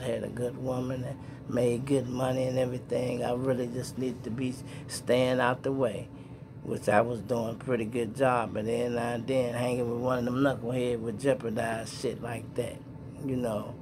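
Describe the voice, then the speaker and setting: A man's voice: medium pitch, moderate pace, noisy background. A middle-aged man from Chicago with a Chicago accent, telling street stories to his viewers in slang-heavy casual talk. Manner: animated storyteller acting out sounds and voices.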